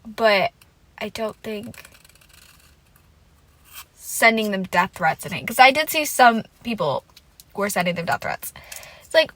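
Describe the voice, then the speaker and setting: Bright-voiced woman ranting on a podcast. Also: medium pitch, measured pace, pauses often, no room sound. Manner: rambling, heavy use of "like", frequent swearing; animated and emotional fan venting. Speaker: podcast host. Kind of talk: casual solo podcast chat.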